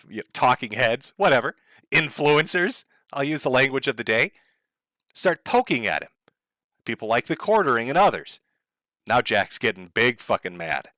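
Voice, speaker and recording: A man's voice: medium pitch, sing-song, moderate pace, sharp tone, no room sound, studio quality. Sarcastic, profane male commentator. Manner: sarcastic, profane, laughs at his own jokes. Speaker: online commentator. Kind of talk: mocking commentary.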